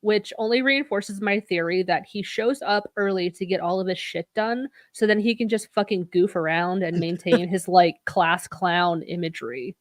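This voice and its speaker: This podcast co-host has a fairly low voice and a moderate pace, hardly pausing as she recaps an episode in casual talk. She curses freely and acts out the characters' lines, and there's no room sound.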